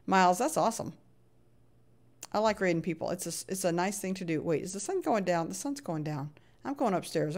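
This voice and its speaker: A middle-aged woman with a medium-pitched, darkish voice streams a block-building game, chatting casually, reading chat aloud and sounding playfully exasperated.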